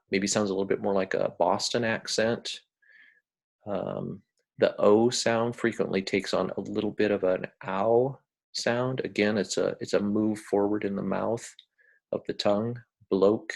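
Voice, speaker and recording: An American man giving a recorded lecture, talking in a relaxed, hesitant way with many ums and uhs. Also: on the low side, unhurried, vocal fry. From United States.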